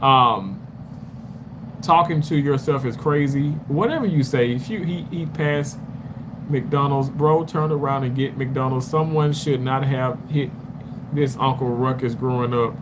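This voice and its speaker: A man live-streaming while he walks, out of breath and rambling as he answers viewer comments one by one. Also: fairly high pitch. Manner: rambling, talks back to commenters. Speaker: livestreamer. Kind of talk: casual live chat reading viewer comments. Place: walking outdoors near a road. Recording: street noise with passing traffic.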